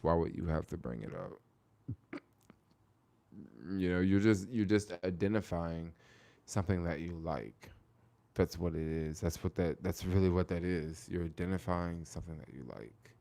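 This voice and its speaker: A man with a low, gravelly voice talks casually on a livestream, circling back over the same phrases to make his point. His tone is dark and mellow. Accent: American. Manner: repetitive, restarting phrases, drawn-out emphasis. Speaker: livestream host.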